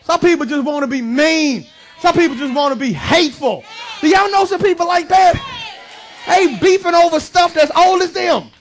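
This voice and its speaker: A male pastor, preaching a lively, joking sermon to his congregation with shouted bursts. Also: very high-pitched, normal speed, some chatter behind. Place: church sanctuary.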